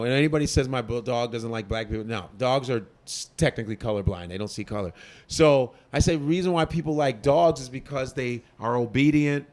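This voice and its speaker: A male comedian in a casual interview, ranting in a profane, animated way. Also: mid-range voice. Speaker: comedian guest.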